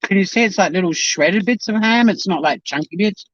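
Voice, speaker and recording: A man's voice: high voice, brisk, a bit bright, dry recording. A man hosting his own channel, chatting casually on a live-stream while eating, rambling and talking with his mouth full. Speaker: YouTube channel host. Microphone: home live-stream camera mic. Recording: dull, dry lo-fi live-stream audio.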